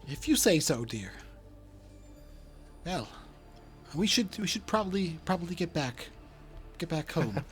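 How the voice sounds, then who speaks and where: A man voicing a timid, fussy human mother who stammers in a hushed voice. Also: on the high side, big pitch swings, measured pace, long pauses, faint music behind. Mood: dismissive.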